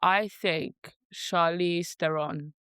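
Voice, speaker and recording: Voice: medium pitch, fairly even intonation, slow, bright, forceful tone, smooth, no echo, studio quality. A podcast co-host talking about films in a playful, emphatic, enthusiastic way. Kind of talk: casual film chat.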